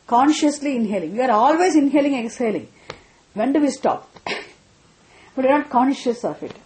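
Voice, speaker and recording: A woman's voice: high voice, expressive, moderate pace, darkish tone, a little hiss or hum, low-quality recording. A woman teaching scripture, patiently repeating key points and checking that listeners understand. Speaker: spiritual teacher. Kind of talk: scripture lesson.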